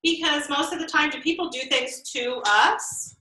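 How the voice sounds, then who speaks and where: A high, bright woman trainer talks the group through examples and laughs easily. She acts out snippy and sweet tones of voice for effect. She sounds distant in a roomy space. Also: normal speed, a little hiss or hum. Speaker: trainer leading a workshop. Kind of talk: interactive training talk. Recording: roomy echo, distant mic.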